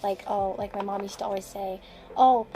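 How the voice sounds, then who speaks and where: A woman's voice: mid-range voice, monotone, brisk, background noise. A woman giving a casual tarot reading, rambling and restarting her sentences with frequent chuckles. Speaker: tarot card reader.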